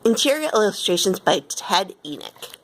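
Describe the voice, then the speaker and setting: Woman, storybook read-aloud, expressive, lively pitch. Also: moderate pace, a little hiss or hum. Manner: expressive, with lively quoted lines. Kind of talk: reading a children's picture book aloud.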